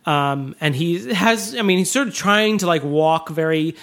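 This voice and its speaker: A man co-hosting a casual film discussion, animated and acting out quoted lines. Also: fairly high pitch, a little slow. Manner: animated, acts out quotes in changed voices. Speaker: podcast co-host.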